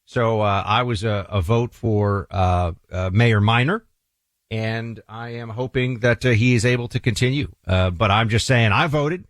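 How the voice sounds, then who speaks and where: A man hosting a political talk show, delivering commentary in a halting way, full of restarts and uhs, with pitch that jumps up for emphasis. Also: dry recording, clean studio sound. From New York City. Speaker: radio talk show host.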